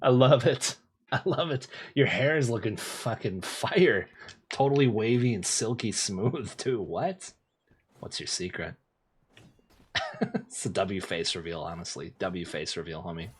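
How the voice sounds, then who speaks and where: A young man streaming a game, chatting casually with viewers in relaxed slang, repeating phrases and laughing often. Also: lowish voice, unhurried, slightly rough. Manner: laid-back slang, lots of laughing and repeating himself. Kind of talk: casual gameplay streaming, reading chat.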